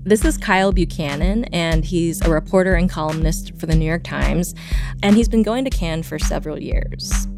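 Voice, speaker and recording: A woman hosting a podcast, narrating a radio story in a measured, scripted way. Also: on the low side, vocal fry, over music. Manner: scripted storytelling with slow pauses. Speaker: podcast host.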